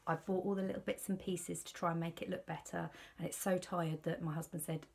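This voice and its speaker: British woman in her thirties, anxious confiding vlogger, deep husky voice. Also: steady tone, brisk, darkish tone. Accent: British English. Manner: worried, rambling, confiding. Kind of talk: candid personal vlog.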